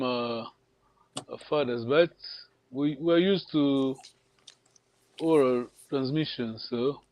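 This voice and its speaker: A man's voice: a little high, lo-fi sound. A man teaching a language lesson online, encouraging his students, repeating words and laughing often.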